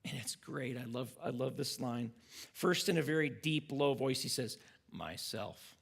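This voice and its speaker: A man's voice: mid-range voice, normal speed, gravelly, slightly rough. A pastor teaching a church class, earnest and reflective as he retells a story and draws lessons from it.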